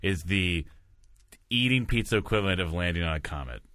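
Bright-toned male podcast co-host, giggly and chatty, dry recording. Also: deep voice, lively intonation, no echo. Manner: laughing often, quick agreeing interjections. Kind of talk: casual comedic chat.

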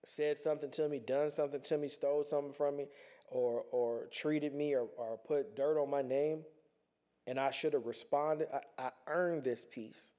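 A man's voice: on the high side, fairly even intonation, normal speed, dark tone. A man talking earnestly in a reflective personal monologue, conversational and repeating himself as he works through his thoughts.

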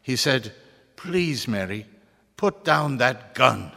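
A man's voice: medium pitch, animated, slow, creaky, sharp tone, exaggerated voice. A man putting on a tearful Irish widow. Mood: deadpan tearful. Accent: put-on Irish. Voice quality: exaggerated phony brogue. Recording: long hall reverb.

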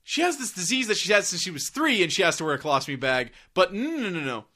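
A man's voice: sits high, sing-song, quick pace, sharp tone. A man co-hosting a podcast, talking with sarcastic, profane banter and frequent laughter. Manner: sarcastic, swearing, laughs often. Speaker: podcast co-host.

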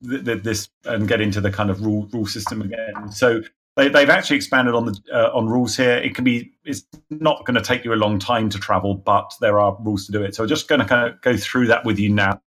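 A man's voice: on the low side, fairly even intonation, fast, fairly bright tone. A man running a tabletop role-playing game, narrating and explaining rules with frequent hesitations. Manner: rambling, hesitant, laughs often. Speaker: game master.

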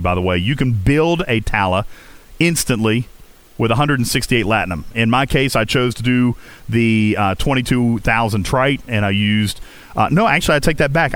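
A man from West Virginia with a faint Appalachian accent, hosting a casual gaming livestream, chatty and reading chat aloud. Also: dry recording. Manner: chatty, reads chat aloud, lively jumps in pitch. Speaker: livestream host.

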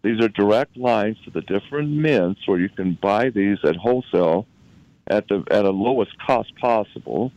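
Low-voiced man telling a story. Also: lively intonation, a little mellow, dry recording, lo-fi sound. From Utah. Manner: halting, repeats words while recalling events. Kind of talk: anecdotal storytelling in conversation.

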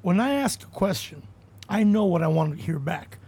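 A male comedian hosts a casual chat and rambles on, profane and quick to laugh. His voice is high for a man and has a husky edge. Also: lively intonation, darkish tone. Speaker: comedian, podcast host.

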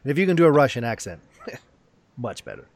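A man's voice: mid-range voice, big pitch swings, brisk, no echo. A man hosting a casual gaming chat, playful and hyping up his guest. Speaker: podcast host.

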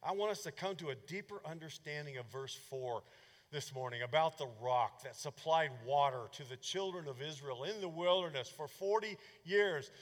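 A male pastor delivers a fervent sermon with a slightly high voice. His delivery swings from loud, pressing bursts to hushed asides. The sound carries a long reverb, as from a large church sanctuary. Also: moderate pace.

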